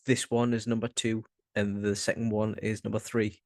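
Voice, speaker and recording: A laid-back Northern English man co-hosting a casual podcast, with a low voice. He often hesitates and trails off, and his voice sounds close and dry. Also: flat delivery, normal speed, a little mellow, no room sound. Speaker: podcast co-host. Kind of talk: casual chat.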